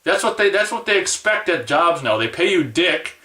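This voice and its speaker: A man's voice: a little high, very animated, moderate pace, sharp tone, reverberant, recorded from a distance. A man venting in a rambling, profane, exasperated rant about his day. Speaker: vlogger. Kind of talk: angry personal rant.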